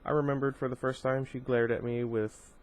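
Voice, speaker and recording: A man reading a first-person novel aloud, steady but with occasional stumbles and asides. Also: mid-range voice, fairly quick. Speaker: amateur audiobook reader.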